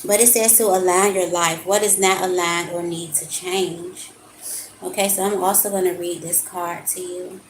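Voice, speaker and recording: A woman's voice: fairly low pitch, fairly even intonation, normal speed, reverberant, a little hiss or hum, rough recording. A woman giving an earnest spiritual card reading to her viewers, talking straight to them and calling them y'all. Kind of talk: live-stream card reading and talk.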